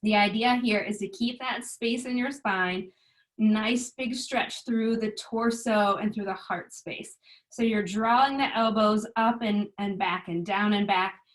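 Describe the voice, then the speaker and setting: A woman yoga instructor giving calm, gentle breath and stretch cues in a guided chair yoga class. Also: mid-range voice, measured pace, rough recording.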